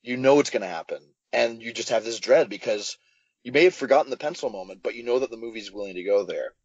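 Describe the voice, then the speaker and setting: A man's voice: mid-range voice, fast, breathy edge, dry recording. Lo-fi man recounting a film shoot. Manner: animated storyteller, many fillers and restarts. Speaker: film director guest. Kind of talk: podcast interview.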